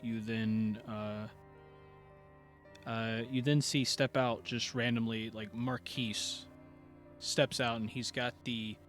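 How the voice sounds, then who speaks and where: A man runs a tabletop game, narrating scenes in a halting way with frequent "uh"s. His voice sits at a middle pitch, with faint music underneath. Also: level tone, fairly bright tone. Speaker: game master.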